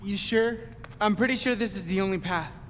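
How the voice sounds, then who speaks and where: An actor voicing an eager, scheming young man on a heist, talking in an excitable, pushy way. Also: sits high, brisk. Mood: earnest. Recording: game audio with reverb and faint noise.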